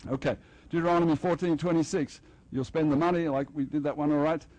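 A man's voice: a little high, fairly even intonation, quick pace, darkish tone, no echo, low-quality recording. An older man preaching a festival sermon in a loose, joking, conversational way, acting out little dialogues with the congregation. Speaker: pastor. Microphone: headset mic.

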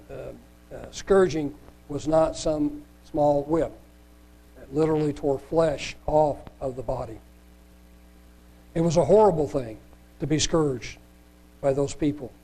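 A man's voice: a little high, dark tone, poor audio. A man preaching, reading scripture aloud and adding earnest, emphatic comments with small restarts.

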